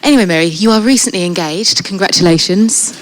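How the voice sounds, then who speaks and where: Encouraging Englishwoman interviewer, lower voice. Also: fast talker. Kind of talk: friendly interview questions. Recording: noisy recording.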